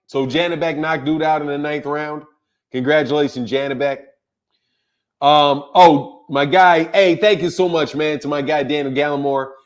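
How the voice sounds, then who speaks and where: A man hosting a live boxing stream, chatting casually, laughing often and greeting viewers by name. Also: on the high side. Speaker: boxing channel host.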